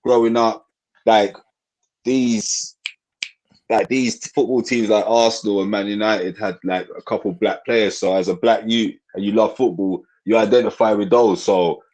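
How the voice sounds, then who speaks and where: A man's voice: fairly low pitch, fairly even intonation, measured pace, darkish tone. A man from England with a London accent, talking casually as a guest on a podcast, in a laid-back way with slang fillers. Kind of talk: casual chat.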